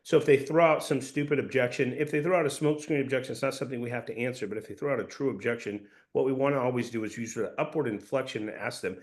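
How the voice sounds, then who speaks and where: Man, sales coach, mid-pitched voice, emphatic, drills points home by repeating them. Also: quick pace, few pauses. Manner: emphatic, repeats key points for note-taking. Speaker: sales trainer. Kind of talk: sales training talk to a team.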